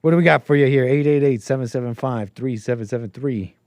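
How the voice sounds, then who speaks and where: A man's voice: medium pitch, fast talker, a little mellow, no room sound. A young man hosting a casual live stream, riffing sarcastically over a clip with frequent laughing asides. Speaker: streamer host.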